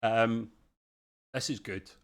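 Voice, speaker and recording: A man's voice: medium pitch, steady tone, slow, smooth. A middle-aged man co-hosting a casual review podcast, talking in a chatty way with British slang. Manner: chatty, uses British slang like "bloody" and "mate". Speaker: podcast co-host.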